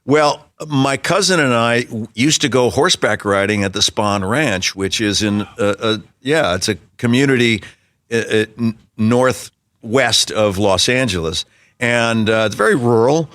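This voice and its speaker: A man's voice: medium pitch, measured pace, fairly bright tone, no echo, studio quality. A man in his sixties, a talk show guest telling an anecdote with energy and acting out other people's voices. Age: 60s. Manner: acts out quoted voices vividly.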